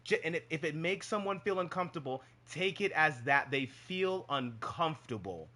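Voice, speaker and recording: A man's voice: fairly high pitch, lively intonation, moderate pace, sharp tone. A man co-hosting a casual live-streamed talk show, earnest and given to repeating his points for emphasis. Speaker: podcast co-host.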